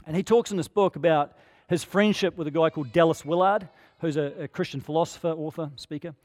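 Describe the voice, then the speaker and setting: A man's voice: a little high, a little fast, darkish tone, big-room sound. A man preaching a sermon as pastor, earnest and conversational, asking his listeners rhetorical questions.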